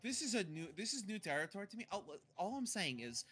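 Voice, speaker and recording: A player in a tabletop game, joking in and out of character. The voice is bright and forward, and the pitch swings widely. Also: sing-song, slightly rough, faint music behind. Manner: fast, joking, self-correcting. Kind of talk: casual in-character chat.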